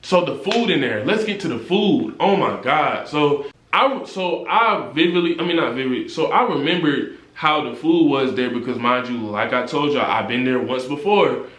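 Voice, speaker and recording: A young man spins a casual storytime in heavy street slang. His voice sits mid-range and jumps higher when he gets worked up. The room around him is bare and echoey. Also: moderate pace. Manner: animated slangy storytelling, rising when indignant. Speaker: vlogger.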